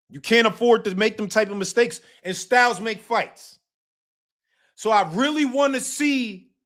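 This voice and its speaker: A man's voice: very high voice, a bit bright. A man hosting a casual livestream boxing talk show, emphatic and slangy, often repeating himself.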